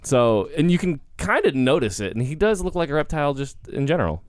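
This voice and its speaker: A man's voice: on the high side, a little fast. A man co-hosting a movie podcast, chatting casually and jokingly with lots of fillers. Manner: animated, jokey, lots of fillers. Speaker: podcast co-host. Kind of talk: casual movie review chat.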